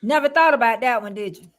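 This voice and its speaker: An older woman from Florida hosts a casual livestream in a high, bright voice. She chats easily, laughs a lot and calls out viewers by name. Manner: chatty, laughs often, greets viewers by name. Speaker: livestream host.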